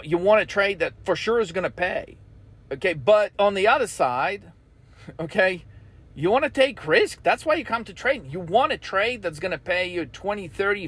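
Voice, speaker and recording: A man's voice: sits high, fairly bright tone. A man hosting a trading channel, delivering a blunt, intense, profanity-laced rant to his viewers.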